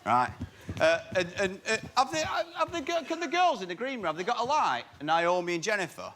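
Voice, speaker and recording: A man's voice: high-pitched, brisk, a little hiss or hum. A man, a TV presenter appearing as a guest, bantering with the host on a studio chat show. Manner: bantering, animated. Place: TV studio with live audience.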